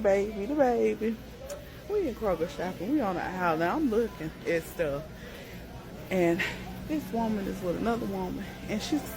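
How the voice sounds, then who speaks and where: A woman's voice: a little high, lively intonation, unhurried, vocal fry, over music, low-quality recording. A woman telling an amused, chatty story to her phone while shopping in a grocery store. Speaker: social media storyteller. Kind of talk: casual storytime to camera.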